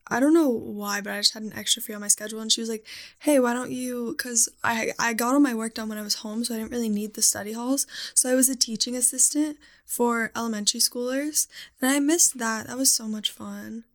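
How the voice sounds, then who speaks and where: A young woman in casual chat, talking in a chatty way with vocal fry. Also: a little high.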